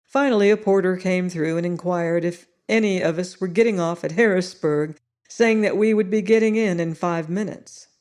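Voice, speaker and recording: A woman reading a story aloud as an audiobook narrator, steady and unhurried. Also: fairly low pitch.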